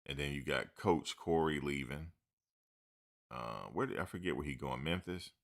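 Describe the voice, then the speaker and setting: A man's voice: extremely low pitch, normal speed. A man hosting a sports talk show, rambling casually with slang and joking asides.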